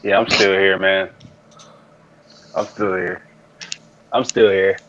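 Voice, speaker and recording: A man calling into a podcast remotely, speaking slowly and unhurriedly. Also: deep voice, flat delivery, fairly bright tone. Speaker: remote guest. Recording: dull lo-fi line with room noise.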